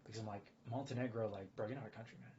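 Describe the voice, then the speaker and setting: Fast-talking rambling man, lo-fi audio. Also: fairly low pitch, fairly even intonation, a little mellow. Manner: rambling, many fillers and restarts. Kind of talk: casual spoken commentary. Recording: dull lo-fi audio with faint noise.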